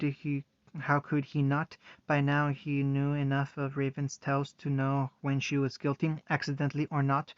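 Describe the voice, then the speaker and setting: A man reading fan fiction aloud, halting with frequent restarts, in a muffled lo-fi recording. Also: on the high side, no room sound. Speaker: reader.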